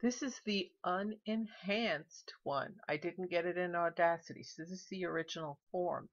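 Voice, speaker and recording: A woman's voice: fairly low pitch, moderate pace, muffled recording. A woman vlogger narrating casually, chatty and explaining each step. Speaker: paranormal vlogger.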